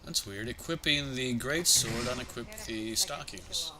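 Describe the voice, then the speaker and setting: A man's voice: mid-range voice, measured pace. A man streaming a game live, muttering to himself, swearing and chatting to viewers. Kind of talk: casual live gameplay commentary. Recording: noisy background.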